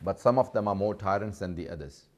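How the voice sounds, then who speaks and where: A man's voice: low-pitched, fast talker. A man preaching a sermon, telling a sad story with growing emotion. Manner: impassioned, rising in grief.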